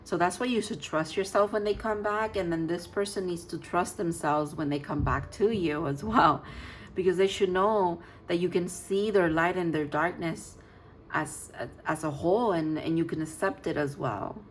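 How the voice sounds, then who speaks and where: A woman's voice: on the low side, moderate pace, a little hiss or hum, rough recording. A woman giving a casual tarot reading, rambling and emotional, with many fillers and restarts. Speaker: tarot reader.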